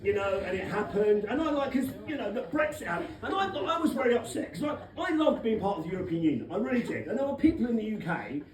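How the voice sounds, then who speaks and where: A man's voice: high-pitched, big pitch swings, fast talker, few pauses. An English man doing a rowdy, cheeky stand-up set in a comedy club and teasing the crowd, with the audience laughing. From England. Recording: echoey club from far off, crowd noise.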